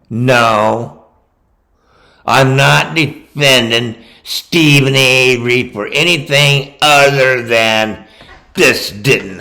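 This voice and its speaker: Slow, combative, profane man. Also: mid-range voice, fairly bright tone, poor audio. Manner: combative, profane, addresses his target directly. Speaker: true-crime commentator. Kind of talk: ranting commentary.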